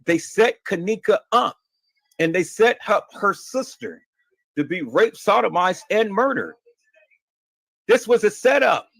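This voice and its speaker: Man, livestream host; fairly high voice, dry close sound, insistent, repeats himself. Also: fairly bright tone, dry recording. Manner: emphatic and insistent, stammering repeats. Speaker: livestream host answering viewer questions. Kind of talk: heated livestream talk.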